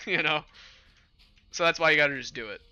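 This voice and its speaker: A young man hosting a livestream, chatting casually with his chat in a relaxed, rambling way. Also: a little high, brisk, clean tone, no echo. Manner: relaxed rambling with fillers and laughs. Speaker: livestream host. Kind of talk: casual stream chat with chat readers.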